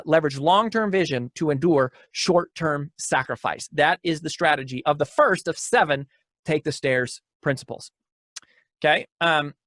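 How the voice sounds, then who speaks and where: A man's voice: fairly high pitch, a bit bright, dry recording, clean studio sound. A man giving a motivational keynote talk, telling stories with energy, repeating his key lines and often restarting phrases.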